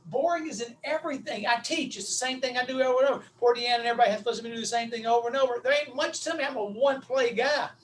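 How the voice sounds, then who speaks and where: A middle-aged man with a Southern US accent giving a folksy, animated webinar lecture, calling his audience his friends. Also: very high-pitched, racing, few pauses, recorded from a distance, slight background noise, rough recording. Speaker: webinar speaker on vocal delivery.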